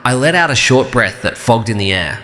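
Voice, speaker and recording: Calm, measured man narrating a story. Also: medium pitch, in a large hall. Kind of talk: scripted first-person story narration.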